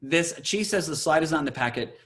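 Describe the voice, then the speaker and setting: Playful lively cantor on a video call. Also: male voice, fairly high pitch, fairly quick. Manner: chatty, playful, breaks into chant. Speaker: cantor teaching a class. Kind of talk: online class, teaching and chanting.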